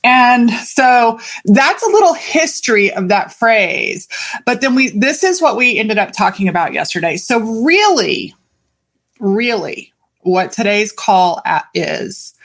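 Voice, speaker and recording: A woman hosting a podcast as a life coach, talking in an energetic, chatty way and swearing freely. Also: mid-range voice, slow pace. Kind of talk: casual podcast monologue.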